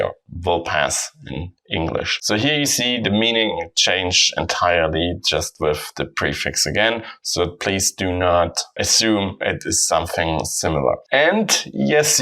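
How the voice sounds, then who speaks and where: A man teaching a grammar lesson in English, calmly explaining example sentences. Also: lowish voice, low-quality recording. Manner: explanatory, steady, mixing German examples with English. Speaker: German teacher.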